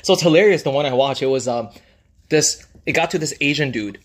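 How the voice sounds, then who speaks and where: A man's voice: a little high, brisk. A man co-hosting a food video, chatting casually between bites and telling rambling stories with lots of fillers. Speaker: mukbang co-host. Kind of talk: casual chat while eating. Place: indoors at a dining table.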